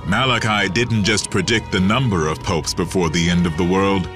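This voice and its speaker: A man giving measured, dramatic scripted narration in a documentary clip. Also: deep voice, steady tone, over music.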